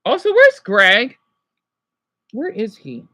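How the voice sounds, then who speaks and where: A man's voice: very high voice, huge pitch swings, takes it slowly, pushed and bright, dry recording. A man casually teaching French words on a livestream, rambling and correcting himself while answering chat.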